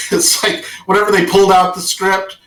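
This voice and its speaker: A man's voice: high voice, little pitch movement, normal speed, fairly bright tone. Man laughing through rambling chat, echoey. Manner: rambling, laughs often while talking. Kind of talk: casual chat. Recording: echoey room, mic far off.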